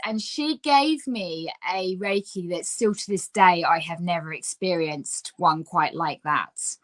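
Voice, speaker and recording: A woman's voice: on the low side, unhurried, hardly any pauses. Chatty woman telling her story. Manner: chatty, lively, full of fillers like "like" and "yeah?". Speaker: guest. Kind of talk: casual conversational storytelling.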